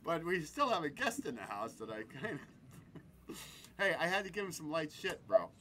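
A man's voice: a little high, big pitch swings, normal speed, a bit bright, slight background noise. A man hosting a podcast in a crude, joking casual chat, laughing often. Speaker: podcast host.

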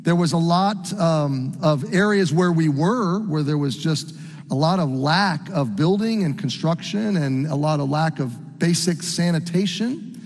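A middle-aged man from the United States preaching a sermon as a story, earnest and halting with frequent restarts. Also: on the high side, animated, darkish tone, long reverb tail. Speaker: pastor.

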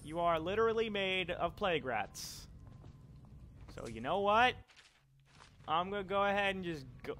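A young man giving casual, sweary commentary on a video game he is playing, turning excitable and yelling whenever things go wrong. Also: sits high, a little slow, long pauses, a little hiss or hum. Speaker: let's play commentator.

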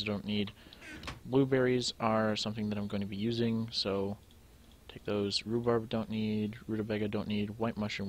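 A young man with a fairly low voice talks his way through a game, musing aloud as he sorts and checks things. It is loose, casual play-along commentary with a faint hum of ambience underneath. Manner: thinking aloud, musing to himself while sorting items. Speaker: let's play gamer.

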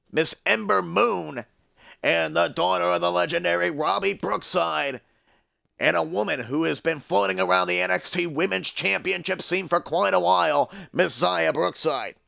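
Male stream commentator, announcer energy, high and very gravelly. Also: pushed and bright. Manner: hype announcer, chatting to live stream viewers. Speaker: wrestling commentator. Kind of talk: play-by-play commentary of a video game wrestling show.

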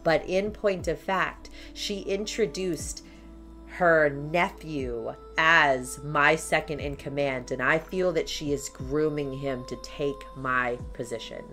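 A woman playing a tabletop storytelling game with friends, talking in an animated, gleeful and playful way. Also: low voice, slow, faint music behind. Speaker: player.

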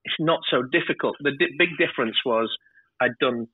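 A man's voice: mid-range voice, normal speed, breathy edge, no room sound. A man who works as a TV director, chatting as a podcast guest, telling stories and often stumbling over and repeating his words. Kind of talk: casual interview storytelling. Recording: tinny phone-like remote line.

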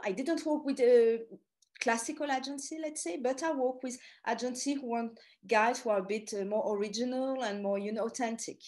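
Middle-aged french woman w/ french accent, animated storytelling talk, pitch a bit high, rambling asides. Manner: chatty, animated, frequent asides and restarts. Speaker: tour guide giving a talk. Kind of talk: storytelling presentation.

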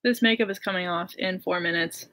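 A woman's voice: fairly low pitch, a little fast, a bit bright. A young woman musician chatting on a livestream, giddy and gushing, laughing often. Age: young adult. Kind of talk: casual livestream chat. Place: home.

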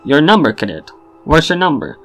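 A man's voice: a little high, big pitch swings, moderate pace, a bit bright, soft background music. A man voicing a bossy young male ship bartender who talks like a drill sergeant, barking orders in an officious way. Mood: stern. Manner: barking, officious, then chummy.

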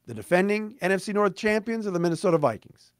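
A man's voice: sits high, lively intonation, fast, no echo, studio quality. A middle-aged man hosting a sports podcast, delivering a blunt, emphatic, sarcastic monologue. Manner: blunt, emphatic, sarcastic, mocks fans in put-on voices.

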